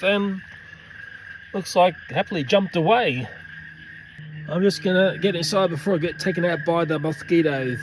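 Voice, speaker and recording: A man talks casually in a fond, running commentary, his voice sitting a touch higher than most men's. He is recording with a handheld camera in a backyard at night, and faint frogs and crickets can be heard behind him. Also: a little hiss or hum, poor audio. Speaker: pet owner filming his cats. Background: faint night ambience with frogs and crickets.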